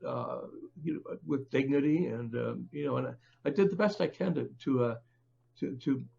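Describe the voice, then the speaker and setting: An older man, an author, talks through his work as a podcast guest, stopping and restarting often and leaning on fillers. His voice is gravelly and husky. The audio sounds dull and lo-fi. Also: medium pitch, darkish tone. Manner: halting, many fillers and restarts. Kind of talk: conversational interview.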